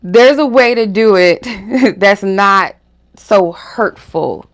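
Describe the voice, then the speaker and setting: This spiritual reader and channel host talks candidly to camera, rambling casually with plenty of fillers and side comments. She has a mid-range voice and speaks slowly.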